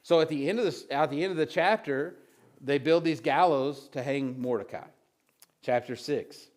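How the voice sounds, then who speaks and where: A man's voice: fairly high pitch, normal speed. A man preaching a casual, conversational sermon, reading old scripture and retelling it with frequent restarts and asides. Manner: retells scripture with acted voices. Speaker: pastor.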